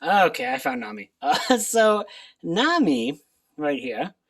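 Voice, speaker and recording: A man's voice: a little high, big pitch swings, slow. A man chatting casually in a rambling vlog, laughing often as he talks. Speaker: channel host. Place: at home.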